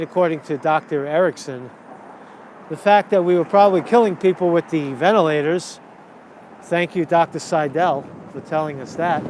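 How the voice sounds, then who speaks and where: Rambling high-voiced man on a street walk. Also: a little mellow. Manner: rambling, repeats himself, talks while walking. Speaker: vlogger. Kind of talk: walk-and-talk street vlog. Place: outdoors on empty city streets. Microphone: handheld camera while walking. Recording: faint street noise outdoors.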